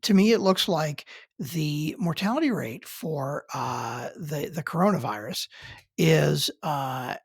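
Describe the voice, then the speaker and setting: A man's voice: fairly high pitch, expressive, takes it slowly, breathy edge, no echo, clean studio sound. A man co-hosting a podcast in casual chat, giving short wry replies. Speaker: podcast co-host.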